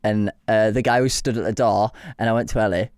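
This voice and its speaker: A man's voice: fairly low pitch, fairly quick, clean tone, no room sound, studio quality. A man co-hosting a podcast, telling stories in a casual chat and laughing often. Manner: animated storytelling, laughs often. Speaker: podcast co-host.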